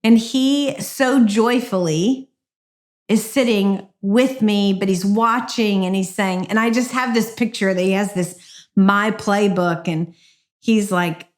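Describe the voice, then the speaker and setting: A woman's voice: mid-range voice, slow. A middle-aged woman hosting a devotional podcast, speaking in an earnest, encouraging and reflective way. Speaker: podcast host.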